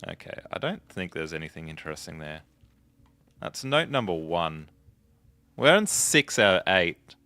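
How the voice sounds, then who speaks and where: A man's voice: low voice, very animated, a little slow, sharp tone, no room sound. A man giving casual gameplay commentary, chatting and musing aloud to himself as he plays. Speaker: let's play host.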